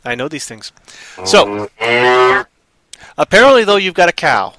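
Playful, bright-voiced male livestream storyteller. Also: high-pitched, sing-song, fast, dry recording. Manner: playful, rambling, reads chat aloud. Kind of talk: casual improvised storytelling.

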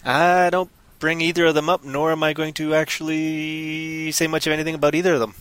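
A man's voice: a little high, little pitch movement, brisk, fairly bright tone, clear, resonant tone, no echo. A man hosting a live stream in casual chat, rambling and goofy, often breaking into sing-song humming. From Canada.

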